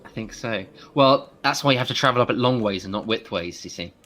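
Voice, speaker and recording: A man co-hosts a game stream with a bright, forceful tone. He is playful and quick with wordplay, tossing asides into the talk. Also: medium pitch. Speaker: co-host and adviser on a game stream. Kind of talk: casual live-stream chat.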